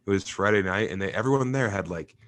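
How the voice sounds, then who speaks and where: Young adult man, stand-up comedian, fairly low voice, casual interview chat, animated storyteller, laughs a lot. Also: fast. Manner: storytelling, laughs often, mimics voices in anecdotes.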